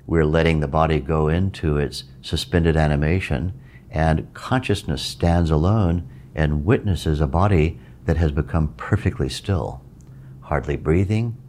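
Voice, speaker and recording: Very deep-voiced calm man teaching meditation. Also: slight background noise. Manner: calm, measured, reflective delivery. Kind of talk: spiritual talk.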